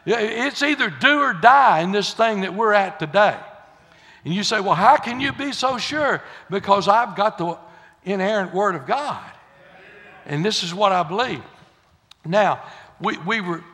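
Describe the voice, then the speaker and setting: A man preaching a sermon in a church, folksy and building to fiery shouts. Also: sits high. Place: church sanctuary. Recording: long hall reverb.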